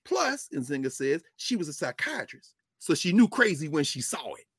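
Middle-aged guy lecturing, high husky voice, swoops up and down like a preacher. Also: very animated, moderate pace, no echo, clean studio sound. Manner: preacherly, swings between shouting and low asides; uses African American vernacular. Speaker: professor and show host. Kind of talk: lively lecture to an audience.

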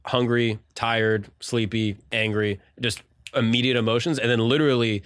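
A man's voice: mid-range voice, steady tone, normal speed, fairly bright tone, clean tone, dry recording, clean studio sound. A man hosting a casual podcast, talking reflectively with lots of filler words. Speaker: podcast host.

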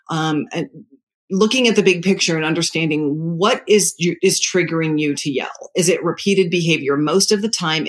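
A middle-aged parenting advisor in casual talk, calm and measured, explaining through stories from their own family. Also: mid-range voice.

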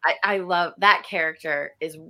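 A woman's voice: fairly low pitch, fairly even intonation, normal speed, pushed and bright. A woman co-hosting a casual film review podcast, chiming in with brief teasing remarks. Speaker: podcast co-host.

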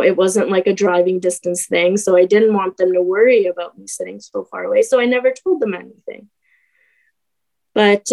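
A woman's voice: medium pitch, a little mellow, low-quality recording. A young woman telling her own story as a podcast guest, hesitant, with many fillers and restarts. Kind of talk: personal story in a podcast conversation.

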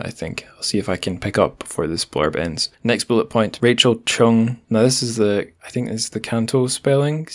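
A Scottish man hosting a podcast in an easygoing monologue, his voice sitting a little low. He rambles in a friendly way, trips over words and laughs off his own slips. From Scotland. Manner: chatty, self-deprecating, with frequent restarts and asides. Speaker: podcast host.

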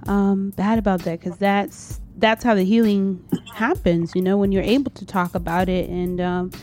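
A woman's voice: medium pitch, normal speed, darkish tone, faint music behind. A woman hosting a casual interview, talking in a supportive, reassuring way over a remote call. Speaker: host. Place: home in a city, remote call.

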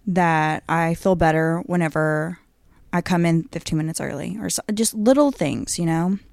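A woman's voice: lowish voice, moderate pace, gravelly, a little mellow, dry recording, clean studio sound. A young woman co-hosting a casual podcast, chatty and upbeat, often breaking into laughter. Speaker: podcast co-host. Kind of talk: casual chat.

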